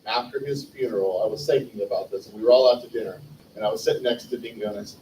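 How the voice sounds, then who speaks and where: A man's voice: fairly low pitch, fairly even intonation, fast talker. A man in his forties telling rambling personal anecdotes at a livestreamed memorial, often correcting himself. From California. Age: 40s. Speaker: eulogy speaker. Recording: distant mic, roomy echo, faint noise.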